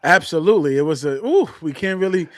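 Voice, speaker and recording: This man co-hosts a casual book chat with a voice pitched a bit high for a man. He talks in an animated, slangy way and laughs often. The recording is dry and close-miked. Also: fast, dry recording. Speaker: book review co-host.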